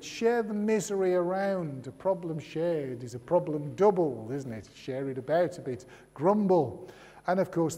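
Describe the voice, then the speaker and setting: A man's voice: fairly high pitch, warm tone. A man giving a sermon in a chatty way, with humorous asides and rhetorical questions. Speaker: preacher. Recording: long reverb of a large hall.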